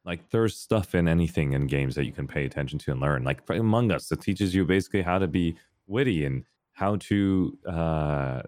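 A man in casual podcast chat, telling stories with lively jumps into a high voice when acting out scenes. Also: moderate pace, hardly any pauses, no echo. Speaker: podcast co-host.

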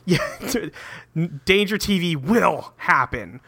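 A man co-hosting a casual podcast, recapping a cartoon episode in a profane, joking way and tossing in quick quoted lines. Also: high-pitched, animated, vocal fry, bright, forceful tone, husky. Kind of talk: casual chat.

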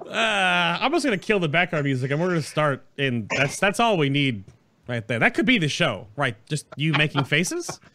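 Lively, bright-voiced male podcast host. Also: a little high, moderate pace, a little hiss or hum. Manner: chatty, rambling with restarts and laughs. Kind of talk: casual chat. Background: background music.

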